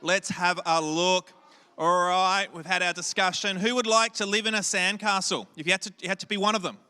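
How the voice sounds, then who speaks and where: Aussie guy running a kids game in a big hall, clear crisp voice, long echo. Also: sits high, steady tone, sharp tone. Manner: upbeat, drawn-out questions. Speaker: kids' church host. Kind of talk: energetic crowd game hosting. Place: large hall with a live audience. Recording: hall reverb.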